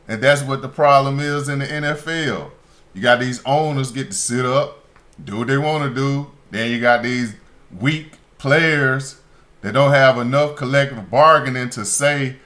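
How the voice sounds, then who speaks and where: A man's voice: medium pitch, a little slow, pushed and bright. A man hosting a sports talk radio show, delivering an opinionated monologue that turns emphatic and indignant. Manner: emphatic, rising to heated indignation.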